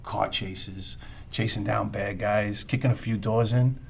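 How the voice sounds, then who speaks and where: A wisecracking New cop. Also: male voice, fairly low pitch, steady tone, unhurried, creaky, slight background noise. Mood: storytelling. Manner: sardonic, rambling anecdotes, streetwise. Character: wisecracking world-weary male NYC cop. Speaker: police detective under evaluation. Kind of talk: film dialogue, storytelling monologue.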